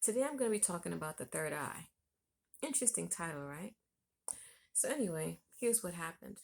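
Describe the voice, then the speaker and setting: A woman vlogger telling a personal story in a relaxed, conversational way. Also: lowish voice, brisk, vocal fry. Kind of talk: storytelling vlog.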